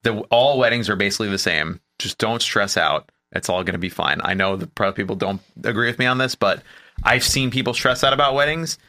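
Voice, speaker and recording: A man chatting casually on a podcast, rambling through his points. His voice sits low but rings bright and forceful. He jokes easily at his own expense. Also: fairly quick. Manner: rambling, joking, self-deprecating. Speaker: podcast co-host. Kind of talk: casual chat.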